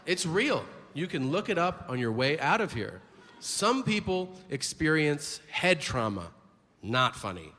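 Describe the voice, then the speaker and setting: A male stand-up comedian performing a live set on a theater stage, animated, sarcastic and profane. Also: fairly high pitch. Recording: live stage in a reverberant hall with audience noise.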